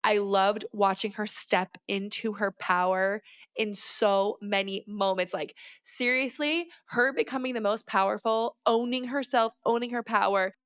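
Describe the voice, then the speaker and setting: A woman co-hosting a podcast, talking casually and with animated, exasperated asides. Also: medium pitch, a little slow, clean tone, no echo, studio quality. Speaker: podcast co-host. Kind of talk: casual book discussion.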